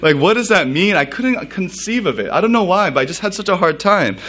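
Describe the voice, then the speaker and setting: A man's voice: high voice, sing-song, fairly quick, fairly bright tone. A man from the United States, a pastor giving a sermon in a casual storytelling way, full of fillers and laughs.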